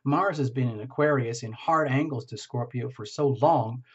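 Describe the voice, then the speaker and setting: A man giving a casual tarot reading, talking gently and rambling, often checking in with "okay?". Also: medium pitch, normal speed, breathy edge, muffled recording. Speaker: tarot reader.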